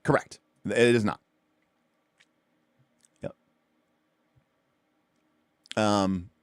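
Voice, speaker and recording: A man's voice: lowish voice, dry recording, studio quality. A man hosting a tabletop game livestream, explaining rules in a loose, rambling way with lots of fillers and restarts. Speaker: tabletop RPG show host.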